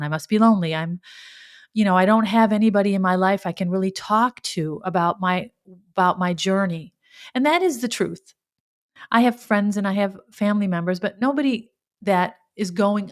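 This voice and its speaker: A woman talks through her own experience on her podcast in a candid, reflective monologue. She thinks aloud, restarting phrases and sometimes speaking to herself in the second person, at an average pitch for a woman. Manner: candid, searching, with frequent restarts and self-talk. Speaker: podcast host.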